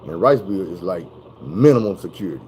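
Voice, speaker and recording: A man's voice: deep voice, quick pace, a little hiss or hum, low-quality recording. Man from telling a story. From Arkansas. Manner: animated, profane, conversational. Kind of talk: casual storytelling.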